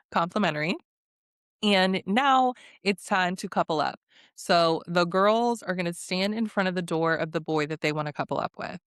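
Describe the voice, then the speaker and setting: A woman's voice: lowish voice, lively intonation, moderate pace, smooth, no echo, clean studio sound. A young woman hosting a casual, sarcastic recap vlog, chatting and laughing often. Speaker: recap host.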